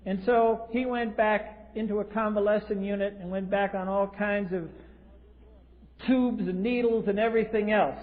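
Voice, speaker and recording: A man's voice: high-pitched, steady tone, moderate pace. A man telling his recovery story from a podium, blunt and wry with dry humor, from the US East Coast. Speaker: recovery meeting speaker. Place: large convention hall. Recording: tinny lo-fi 1980s tape in a reverberant hall.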